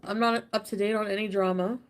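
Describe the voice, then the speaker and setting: A woman in her thirties talking casually to camera, halting and indifferent, repeating herself. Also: medium pitch, steady tone, slight background noise. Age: 30s. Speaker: streamer in a played clip.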